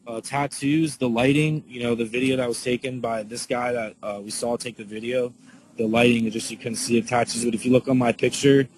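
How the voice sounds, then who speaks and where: Man haltingly recounting what he witnessed. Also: medium pitch, steady tone, a little hiss or hum, rough recording. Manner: halting, filler-heavy, lots of "like" and restarts; reads out and answers viewer questions. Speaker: eyewitness. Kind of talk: casual spoken account to viewers.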